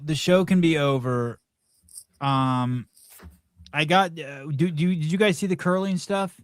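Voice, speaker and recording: A man hosting a casual podcast, relaxed and bemused as he steers the talk. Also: a little high, unhurried, clear, resonant tone, no echo, studio quality. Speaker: podcast host. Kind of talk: casual chat.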